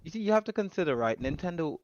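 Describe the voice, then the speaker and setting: A man's voice: on the high side, sing-song, quick pace. A man hosting a casual gaming podcast, arguing his point with rhetorical questions. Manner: argumentative, explains with rhetorical questions. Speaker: podcast host. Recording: dull lo-fi mic.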